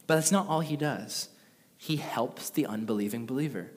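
A man's voice: mid-range voice, normal speed. Conversational male preacher in a hall. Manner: conversational, animated, with acted quotes. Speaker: pastor. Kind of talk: sermon. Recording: long reverb of a large hall.

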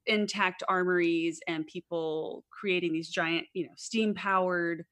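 A woman's voice: fairly low pitch, fairly even intonation, unhurried, a bit bright. Chatty woman telling history on a podcast. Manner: chatty, laughs easily, playful asides. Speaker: podcast co-host. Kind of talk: casual history storytelling.

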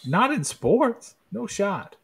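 A man from Kentucky co-hosting a podcast, talking sports in a relaxed, joking way and laughing easily. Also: sits high, takes it slowly, gravelly, slight background noise. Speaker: podcast co-host. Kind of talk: casual sports chat.

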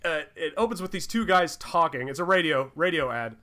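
A man's voice: fairly high pitch, a little fast, pushed and bright. A man co-hosting a casual podcast, talking in a rambling way with lots of fillers and restarts. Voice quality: rambling, many fillers and restarts, laughs often. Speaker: podcast co-host. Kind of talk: casual chat.

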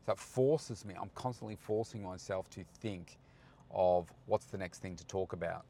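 A man who hosts a podcast, chatting casually while he drives, in a relaxed, rambling way with lots of fillers. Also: low-pitched, normal speed, creaky. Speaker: podcast host and coach. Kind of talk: casual vlog monologue while driving. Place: in a car, driving on city roads. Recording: loud road and engine noise.

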